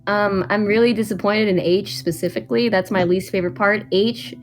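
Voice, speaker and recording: A woman's voice: medium pitch, fairly even intonation, a little fast, faint music behind. A woman game master chatting casually after a tabletop session over a voice call, talkative and prone to repeating herself with laughs.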